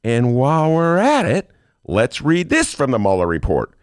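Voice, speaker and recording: A male talk show host delivers a comedic political monologue, riffing sarcastically on the news and reading quotes aloud. His voice is medium-pitched, and the recording is dry with clean studio sound.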